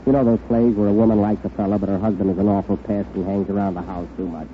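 A man hosting a 1930s radio comedy show, delivering wry, deadpan quips, on a tinny, crackly broadcast recording. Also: on the low side, fast talker.

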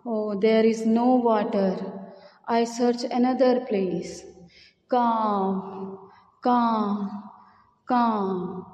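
A woman's voice: fairly high pitch, fairly even intonation, extremely slow, pauses often, dark tone, reverberant, in a large hall, muffled recording. A woman voicing a thirsty, desperate male crow who pleads and caws in a storybook tale. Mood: worried. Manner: pleading, cawing between lines.

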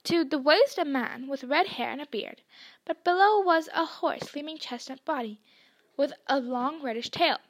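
A woman narrating a book chapter aloud in a hushed storytelling manner. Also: sits high, normal speed. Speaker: podcast reader. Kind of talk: audiobook narration.

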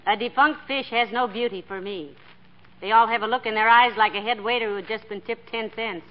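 A woman's voice: on the high side, steady tone, fairly quick, close to an everyday voice. An actress playing a dry, teasing wife who deflates her husband's boasts with sly put-downs in a 1940s radio sitcom. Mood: wry. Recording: dull lo-fi 1940s radio broadcast with faint hiss.

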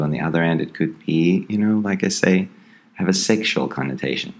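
A man with an extremely low voice reviews a horror comic as a podcast host. He talks casually and thoughtfully, pausing on ums and restarting his sentences. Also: fairly even intonation.

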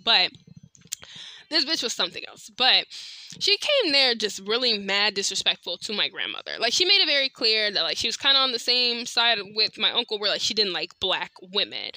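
A woman hosting a podcast, telling a story in a blunt, animated, slangy way straight to her listeners. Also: medium pitch, no room sound. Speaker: podcast host. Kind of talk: casual storytelling monologue.

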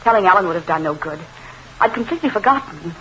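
A woman's voice: fairly low pitch, animated, fast talker, sharp tone, slight background noise, rough recording. A woman playing an emotional, defensive widow in a 1940s radio drama, breathless and pleading. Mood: distraught.

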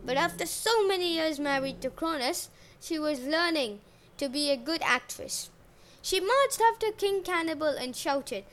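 Slow, high-voiced woman telling myths. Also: fairly bright tone. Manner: jokey asides, modern slang. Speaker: podcast host and storyteller. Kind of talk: casual myth storytelling podcast.

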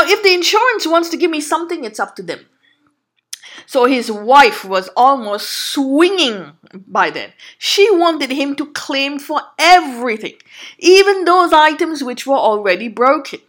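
A woman with a high voice recounts a personal story in a long monologue. She speaks earnestly and with emphasis, now and then stopping to restart a sentence. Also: a bit bright. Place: Canada.

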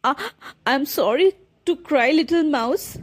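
A woman's voice: high voice, lively intonation, slow, pitched above the performer's own voice. A woman doing a timid, stammering little girl. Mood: tearful. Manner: stammering, tearful. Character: timid kind little girl, frightened and stuttering.

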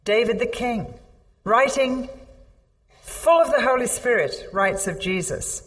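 A preacher with a medium-pitched, slightly bright voice delivers an animated but unhurried sermon, emphatically repeating phrases for effect and reading scripture aloud with mounting intensity. The recording carries a long hall reverb.

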